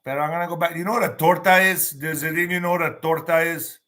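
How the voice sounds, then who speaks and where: A man's voice: fairly high pitch, steady tone, fast, pushed and bright. A man hosting a casual news commentary show, reading stories aloud and riffing in a loose, joking way. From El Paso, Texas. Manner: loose and jokey, mixing in put-on voices.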